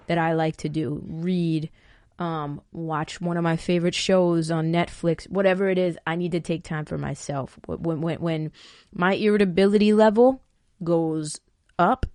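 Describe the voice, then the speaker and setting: A woman talks straight into a close microphone, her voice on the low side and dry with no room sound. She gives listeners frank advice and swears freely. When she gets fired up, she repeats words. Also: a little mellow, no echo. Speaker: podcast host answering listener questions. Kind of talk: casual advice talk.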